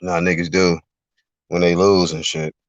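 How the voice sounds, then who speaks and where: A man ranting on a live reaction stream, mocking and animated, sometimes breaking into shouted impressions, in a car. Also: sits low, measured pace, no room sound. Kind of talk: profane live reaction rant. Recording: dull lo-fi dry recording.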